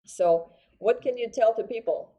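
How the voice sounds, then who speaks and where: A woman's voice: on the high side, moderate pace, rough recording. A woman hosting a casual studio interview, effusive and full of fillers. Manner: warm, effusive praise with fillers. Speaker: podcast host.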